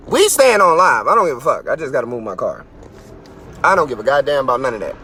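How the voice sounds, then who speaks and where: A man hosting a podcast, in a loud, mocking, boastful rant from his car, with his voice leaping up in outbursts. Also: medium pitch, very animated, fast talker, a little hiss or hum. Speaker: podcast host. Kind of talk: profane comedic rant.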